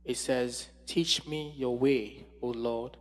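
A man preaching a sermon with passion, swinging from loud exclamations to hushed tones. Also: medium pitch, fairly even intonation, slow. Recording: long hall reverb.

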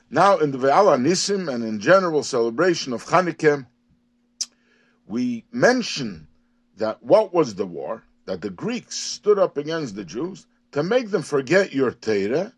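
A man teaching a daily Hasidic text, reading Hebrew and phrases and then translating and explaining them rising emphasis. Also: a little high. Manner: animated, rising and emphatic on key words. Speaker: Torah teacher.

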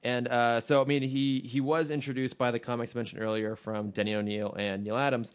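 Male podcast co-host, mid-pitched, chatty and enthusiastic, rambles with restarts. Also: flat delivery, fairly quick, clear, resonant tone. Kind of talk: casual chat.

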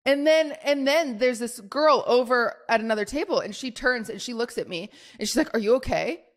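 Rambling, animated young woman storyteller. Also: on the high side, moderate pace. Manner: rambling, animated retelling full of "like". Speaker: podcast co-host. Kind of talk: casual chat storytelling.

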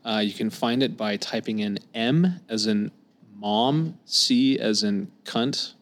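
A man's voice: fairly low pitch, takes it slowly. A man from Scotland chatting casually as a podcast guest, laid-back, swearing freely and laughing easily.

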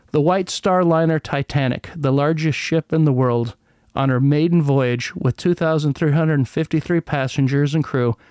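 Casting note: man, solo podcast host, sarcastic and rambling, higher voice, smooth and clear, dry close mic. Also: a little mellow, no room sound. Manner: rambling, sarcastic, stumbles over words while reading. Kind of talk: casual solo podcast, reading a news article.

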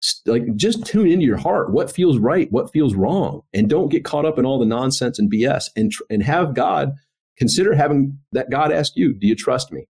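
A man's voice: medium pitch, expressive, normal speed, a little mellow, breathy edge. A man who is a guest on a podcast, speaking earnestly and reflectively in casual conversation. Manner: earnest, reflective, faith-centered. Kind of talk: casual interview chat.

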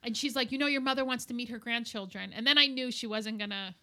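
Middle-aged woman spilling a family story, bright voice a bit on the high side, keeps doing everyone's lines. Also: fast. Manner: animated, acts out quoted voices. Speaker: guest. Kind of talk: candid personal storytelling.

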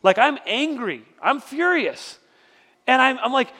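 A man's voice: very high voice, big pitch swings, moderate pace, bright, forceful tone. A middle-aged man preaching a sermon as pastor, telling stories in a conversational way with frequent restarts. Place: church sanctuary. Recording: long reverb of a large hall.

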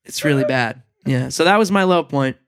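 A man's voice: medium pitch, moderate pace. A man, a touring musician, telling a story in casual chat, acting out both sides and laughing often. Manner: animated, acts out both sides of his story.

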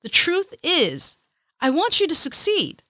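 A woman's voice: very high-pitched, wildly swooping pitch, unhurried, sharp tone, dry recording, clean studio sound. A woman hosting a motivational podcast, talking in an upbeat, encouraging and chatty way. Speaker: podcast host.

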